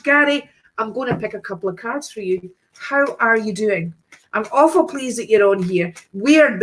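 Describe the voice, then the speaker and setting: A woman's voice: medium pitch, a bit bright. A woman hosting a live stream, reading tarot cards for viewers in a chatty, breezy way with endearments and exclamations.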